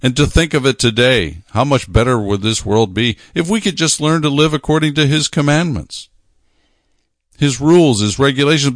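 A male preacher delivers a sermon in a medium-pitched voice. He talks emphatically, repeats phrases and slows down to stress his points. The sound is dry and close. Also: no room sound.

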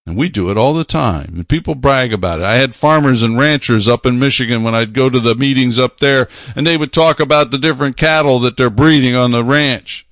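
A male preacher delivers a sermon in a medium-pitched voice. He talks emphatically, repeats phrases and slows down to stress his points. The sound is dry and close. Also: fairly bright tone, no room sound.

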